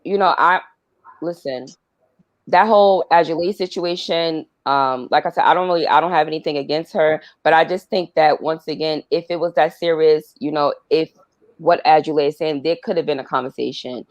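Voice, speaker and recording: A woman's voice: deep voice, moderate pace, no room sound, dull audio. A woman calling in to a live stream, speaking in an earnest, supportive way. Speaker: caller. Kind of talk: call-in comment on a live stream.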